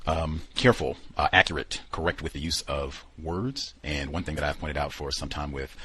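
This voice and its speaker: A man's voice: a bass voice, fairly even intonation, moderate pace, pushed and bright, husky, rough recording. A man hosting a radio talk program, telling stories animatedly with lots of quoted asides and fillers. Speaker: radio show host.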